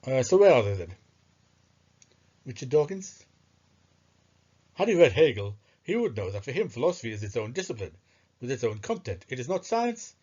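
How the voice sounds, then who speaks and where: A man's voice: mid-range voice, sing-song, normal speed, pauses often, mellow, slightly rough. A man giving discursive, scornful commentary on philosophy, thinking aloud with hesitations. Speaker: philosophy video narrator. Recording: muffled lo-fi recording.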